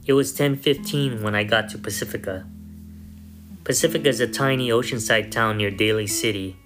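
A man narrating a first-person story in a measured, somber way. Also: fairly low pitch. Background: soft guitar music.

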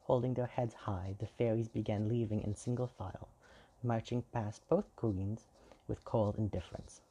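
Gravelly, low-voiced male storyteller. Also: steady tone, normal speed, warm tone. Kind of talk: scripted fairy-tale narration.

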